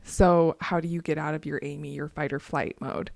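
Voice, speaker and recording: A woman co-hosting a casual podcast chat, telling stories and explaining ideas in a calm teaching tone. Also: low voice, moderate pace, creaky, dry recording. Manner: storytelling, animated with laughs. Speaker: podcast co-host.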